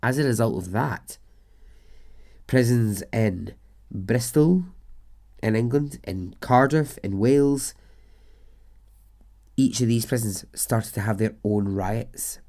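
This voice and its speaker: A man's voice: lowish voice, slow, pauses often, warm tone. A man, a podcast host telling a true story in a chatty way with the odd swear word. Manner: chatty, swears, laughs at absurd details. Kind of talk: casual storytelling narration.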